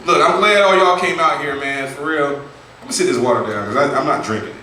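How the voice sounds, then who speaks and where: A man's voice: a little high, fast. A man performing a stand-up comedy set with loose, profane, conversational storytelling at a live venue. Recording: echoey room, distant mic, audience noise.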